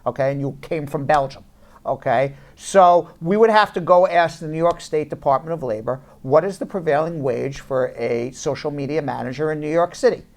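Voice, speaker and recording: A man's voice: on the high side, moderate pace. A man hosting a live immigration law show, joking with his co-host and then explaining legal steps one at a time, checking in with "okay?". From United States. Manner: joking, loud teasing, then explains step by step with repeated "okay?".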